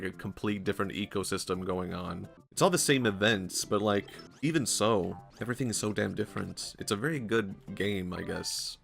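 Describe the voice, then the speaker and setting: Low, gravelly streamer. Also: male voice, a bit bright. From Sweden. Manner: rambling, jokey, laughs often. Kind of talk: casual gaming stream commentary.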